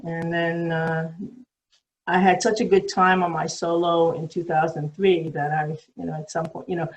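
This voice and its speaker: A woman in her sixties with a New England accent, a guest telling stories casually, rambling and halting with many fillers and restarts. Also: on the low side, flat delivery, poor audio. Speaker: interview guest, marathon swimmer. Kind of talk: casual storytelling.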